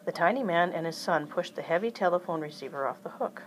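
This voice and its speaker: A woman reading a children's chapter book aloud in an even storytelling manner. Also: fairly low pitch, quick pace, slight background noise, low-quality recording. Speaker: reader.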